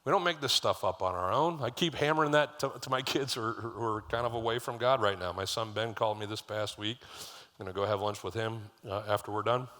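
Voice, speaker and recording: A man's voice: fairly low pitch, quick pace, a bit bright. A middle-aged man preaching a sermon as lead pastor, conversational and storytelling, with asides to the congregation. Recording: live church hall reverb.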